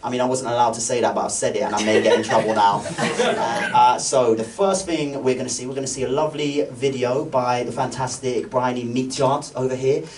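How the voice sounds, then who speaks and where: A man's voice: mid-range voice, steady tone, brisk, background noise. A male comedian, the MC doing cheeky, teasing crowd work and laughing often. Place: live event venue with audience. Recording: distant mic, crowd laughter.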